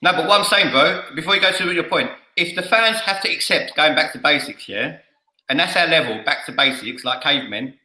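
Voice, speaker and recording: A man hosting a fan podcast, with a very bright, sharp edge to his voice. He is blunt and jokey and stammers now and then. The room around him is echoey. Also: fairly high pitch, a little fast. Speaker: fan show host. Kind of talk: casual podcast debate. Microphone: headphones and studio mic.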